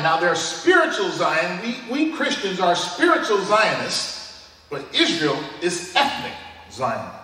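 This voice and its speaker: An older man preaching in a relaxed, storytelling way, his fairly high voice rising and falling with plenty of life. He is recorded from a distance in a big church hall, so his words ring out with a long, echoing reverb. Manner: conversational storytelling, chuckles often. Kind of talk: sermon with personal anecdotes. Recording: echoey hall from a distant mic.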